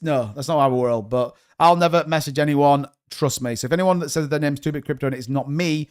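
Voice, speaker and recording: Male livestream host, excitable and talkative, high smooth voice. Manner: chatty and excitable, quick to shout. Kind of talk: casual livestream chat.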